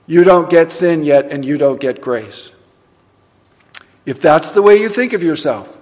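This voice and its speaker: A man delivers a sermon in a church sanctuary, drawing out his phrases slowly and hammering key words through repetition. His voice sits high for a man, and the long reverb of the hall hangs behind every line. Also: animated, a little mellow. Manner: emphatic preaching, repeats words for emphasis. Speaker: pastor.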